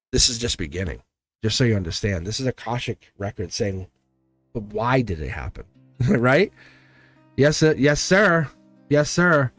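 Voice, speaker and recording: A man at a mid-range pitch gives a live tarot reading over soft music. He talks earnestly and with emphasis, circling back on his phrases and tripping over words as he goes. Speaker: tarot reader.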